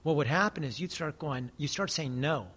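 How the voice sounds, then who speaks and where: An American man who holds forth in a casual conversation, earnest and preachy, with a lot of swearing. His voice sits on the higher side for a man. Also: normal speed, a bit bright, husky. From United States. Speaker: guest.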